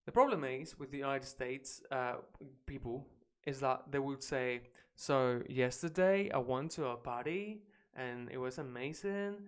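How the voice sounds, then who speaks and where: A man's voice: fairly high pitch, a bit bright. A man who speaks Spanish natively, teaching English on a livestream in a chatty, blunt way and swearing now and then. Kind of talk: casual livestream lesson.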